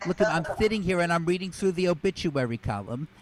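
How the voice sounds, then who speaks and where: A woman's voice: on the low side, animated, a little fast, natural voice. A man voicing a chatty, guilt-tripping mother leaving rambling voicemails. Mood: nagging. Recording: noisy video call audio.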